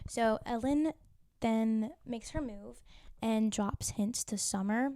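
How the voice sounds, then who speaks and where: Woman vlogger, recap host: higher voice, mellow tone, chatty and wry, dry close sound. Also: slow pace, no echo. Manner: chatty and wry, peppered with "like" and teasing asides. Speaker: TV show recapper. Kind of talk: casual episode recap.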